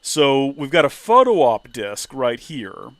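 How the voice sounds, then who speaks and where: A man chatting casually over gameplay, animated and prone to high excited exclamations. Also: measured pace, no echo. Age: 30s. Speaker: let's play streamer. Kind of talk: casual gameplay commentary and storytelling.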